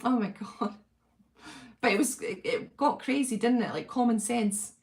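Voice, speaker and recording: Welsh woman host, middle-aged, chatty fan-chat livestream, warm gushing delivery with frequent laughs. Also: on the high side, moderate pace. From Wales. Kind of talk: casual chat reading viewer comments.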